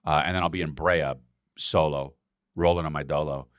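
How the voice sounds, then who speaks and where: A man co-hosting a podcast in casual banter, animated and breaking into shouted sound effects. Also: a bass voice, normal speed, clean tone, no room sound, studio quality. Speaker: podcast co-host.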